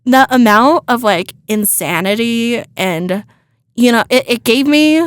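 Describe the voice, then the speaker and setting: A woman's voice: on the high side, lively intonation, unhurried, clean tone, no room sound, clean studio sound. A young woman co-hosting a podcast, chatting expressively with sighs and sarcastic asides. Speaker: podcast co-host. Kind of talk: casual chat.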